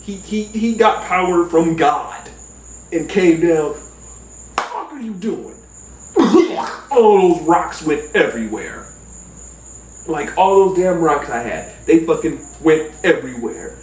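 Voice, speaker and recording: A man telling a personal story in a casual, profane, animated way. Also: a little slow. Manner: animated, profane, jumps into high yelps. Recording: roomy sound from a distant mic.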